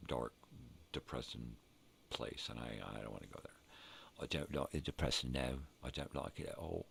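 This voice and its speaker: An older man hosting a rambling morning vlog, talking to himself and cursing freely as he thinks out loud. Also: very deep voice, creaky, a little hiss or hum. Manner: rambling, profane, talks to himself. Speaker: vlog host.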